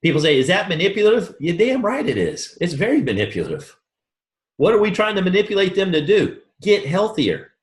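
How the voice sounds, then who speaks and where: A man's voice: high-pitched, fairly quick. A man giving a motivational sales training talk to a room, acting out both sides of the conversations he tells about. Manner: animated storytelling, acts out both sides of conversations. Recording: roomy echo.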